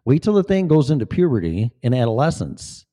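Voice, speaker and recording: A male vlogger rambles through casual commentary in a blunt, profane way. His voice is dark and mellow, and his pitch rises and falls in a lively way. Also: fairly quick.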